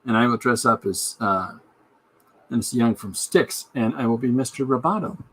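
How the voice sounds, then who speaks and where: A man's voice: mid-range voice, normal speed, breathy edge. A man hosting his own podcast, chatting casually and jokily while he draws a comic. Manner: rambling, jokey asides. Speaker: podcast host and comic artist. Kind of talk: casual chat while drawing.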